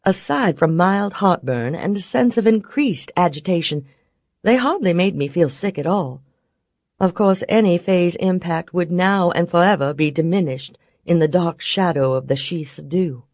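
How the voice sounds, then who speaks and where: A woman narrating a first-person story in a wry, expressive way. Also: on the low side, normal speed, no room sound, clean studio sound. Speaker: audiobook narrator.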